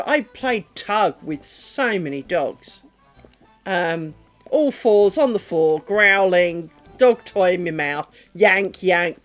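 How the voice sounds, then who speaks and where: A chatty woman streaming from home while she crafts. Her pitch swings up and down a lot as she rambles through stories, then sinks soft and low whenever she talks to her pets. Faint music plays behind her. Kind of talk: casual chat while crafting.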